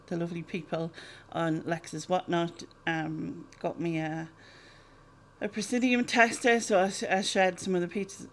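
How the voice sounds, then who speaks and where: A woman's voice: fairly low pitch, a little hiss or hum. A woman, chatting casually through a Q&A vlog, rambling with lots of ums and laughs. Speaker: YouTuber answering viewer questions.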